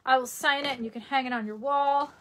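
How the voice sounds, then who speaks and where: High-voiced chatty New York woman. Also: steady tone, a little fast, a bit bright, slight background noise. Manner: rambling and chatty, with many fillers and laughs. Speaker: livestreamer. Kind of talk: casual livestream chat reading comments.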